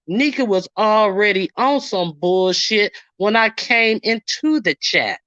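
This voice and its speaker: A woman's voice: mid-range voice, lively intonation, measured pace, few pauses, fairly bright tone, no echo, dull audio. A woman giving casual ranting commentary, indignantly retelling online arguments and acting out what others said. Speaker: commentary streamer.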